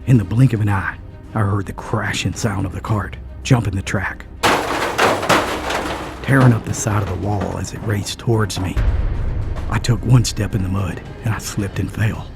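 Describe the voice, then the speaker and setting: A man's voice: on the low side, steady tone, moderate pace, vocal fry, over loud music. A man narrating a first-person story in an earnest, dramatic way.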